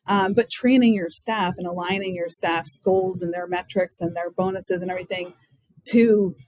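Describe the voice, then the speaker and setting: Female guest, husky tone, frank business talk, dry close sound. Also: fairly low pitch, fairly even intonation, moderate pace, a little mellow, no room sound, low-quality recording. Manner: frank and direct, many "like" fillers. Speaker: guest, payments company co-founder. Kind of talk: explaining in an interview.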